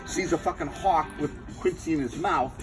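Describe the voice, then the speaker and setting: A man casually telling a rambling story to friends, animated and swearing freely. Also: a little high, moderate pace, soft background music, low-quality recording.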